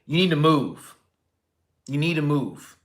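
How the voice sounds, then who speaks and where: A man doing a pushy, hostile guy on a train, barking short demands over and over. the voice sits a bit higher and louder than his own storytelling, clipped and confrontational, like someone spoiling for a fight. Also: animated, a little slow. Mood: aggressive. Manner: curt, confrontational, repetitive demands.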